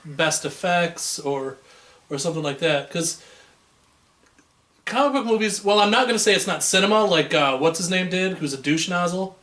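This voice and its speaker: A man's voice: high-pitched, animated, moderate pace, a bit bright. A man co-hosting a casual movie podcast, rambling and laid-back, a bit tipsy. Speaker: podcast co-host.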